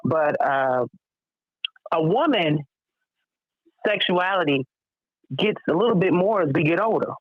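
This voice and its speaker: A middle-aged woman with a Chicago accent calls in and speaks frankly and thoughtfully, pausing often on fillers. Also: fairly low pitch, expressive, dry recording. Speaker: caller. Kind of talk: casual chat. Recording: muffled phone line.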